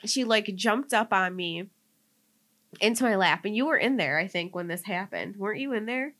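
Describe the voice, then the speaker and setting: A woman's voice: medium pitch, animated, normal speed, a bit bright. A young woman co-hosting a podcast, telling a personal story in casual chat, full of "like" fillers and getting tearful. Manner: heavy use of "like" as filler, emotional and tearful. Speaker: podcast co-host.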